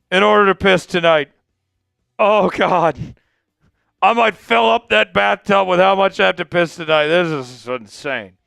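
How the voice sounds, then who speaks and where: A man drinking and tipsy hosts a live sports fan stream, swinging between hype chants and emotional thanks. His voice is high-pitched, creaky and a bit bright, with a clean tone and no echo.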